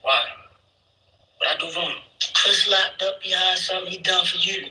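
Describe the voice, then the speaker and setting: A man's voice: high voice, steady tone, moderate pace, bright, forceful tone, reverberant, far from the mic, rough recording. An actor playing a hard young man who bluntly accuses a crew member, in street talk. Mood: accusing.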